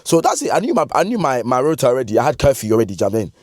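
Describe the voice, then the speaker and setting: A man in his twenties with a London accent, telling a funny story from his youth in slangy, animated talk that he breaks up with laughs. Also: mid-range voice, rapid-fire, dry recording, clean studio sound. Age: 20s. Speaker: vlogger. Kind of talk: comedic storytime.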